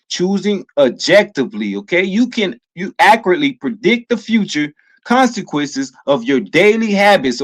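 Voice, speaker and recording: Emphatic man with a high voice. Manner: repetitive, emphatic, keeps addressing listeners as family; gets loud and emotional at times. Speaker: motivational vlogger. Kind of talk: motivational talk.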